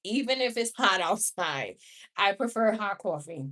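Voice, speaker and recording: Woman, 30s, New York accent, unhurried chatty live-streamer who laughs a lot between tangents. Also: mid-range voice, animated, a bit bright. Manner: chatty, laughs often, rambling asides. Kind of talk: casual live-stream chat with viewers. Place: home room.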